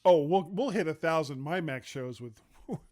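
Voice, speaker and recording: A chatty man co-hosts a casual tech podcast, his voice sitting a little higher than most men's. He laughs easily, tells quick stories and reads the show notes aloud. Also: expressive, darkish tone. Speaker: podcast co-host.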